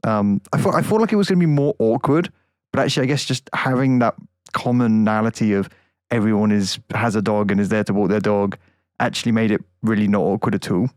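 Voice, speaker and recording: A man's voice: fairly low pitch, brisk, no echo, studio quality. A young man co-hosting a casual podcast, chatting in a rambling, easygoing way. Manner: chatty, rambling with fillers and laughs. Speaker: podcast co-host. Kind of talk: casual chat.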